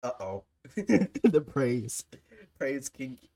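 Woman host, giggly and self-mocking, mellow tone, pitch swinging widely. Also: big pitch swings, drawn-out words, slight background noise. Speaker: podcast host. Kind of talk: casual livestream chat.

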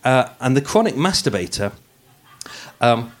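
With a very animated, mid-pitched voice and an unhurried delivery, a Birmingham-accented man from England hosts a live true-crime podcast. Before a room full of listeners, he mixes in jokes and self-mockery while regularly stumbling over words.

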